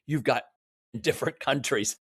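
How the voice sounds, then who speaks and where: A man's voice: medium pitch, a little slow, a bit bright, husky, dry recording, clean studio sound. A man speaking as a podcast guest, earnest and explaining, often checking in with "right?". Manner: earnest, frequent "right?" tag questions. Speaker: podcast guest, real estate developer. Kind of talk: conversational interview.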